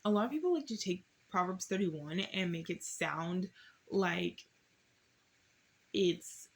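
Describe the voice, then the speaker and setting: Chatty young woman with a hoarse voice. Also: on the low side, lively intonation, slow. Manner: chatty, rambling, reads verses aloud. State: slightly hoarse. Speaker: YouTuber doing Bible study. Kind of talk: casual Bible study vlog. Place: at home.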